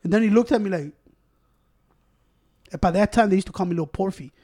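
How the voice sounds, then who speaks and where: Chicago mexican-american guy, fast high voice, cussing and mixing spanish into casual stories. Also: mellow. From Chicago, USA. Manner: rapid, profane, code-switching between English and Spanish. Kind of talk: casual storytelling chat.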